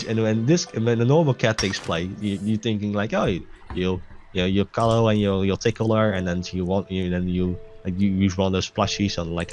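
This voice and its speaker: Over clearly audible game music, a young man rambles casually through his gameplay video in a low, somewhat mellow voice. His talk is full of restarts and free swearing.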